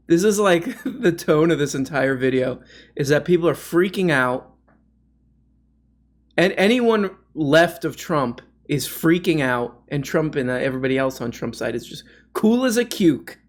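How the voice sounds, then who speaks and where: A man's voice: on the high side, lively intonation, a little slow. A man hosting a comedic commentary video, sarcastic and often laughing as he riffs on clips.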